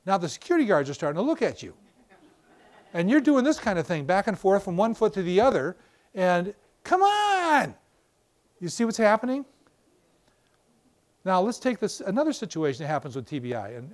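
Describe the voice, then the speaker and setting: An older man giving a professional lecture on a wireless mic, explaining with animated stories and acted-out examples. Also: high-pitched. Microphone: battery-powered wireless mic.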